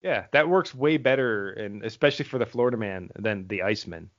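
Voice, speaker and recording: A man hosting a podcast in casual chat, rambling quickly and laughing often. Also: fairly low pitch, expressive. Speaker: podcast host. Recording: dull lo-fi audio.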